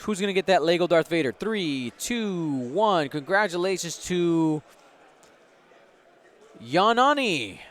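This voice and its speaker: A high-pitched man speaks at a moderate pace and barely pauses while hosting a game tournament stream. Upbeat and talkative, he hypes the chat, chats with viewers and runs giveaways.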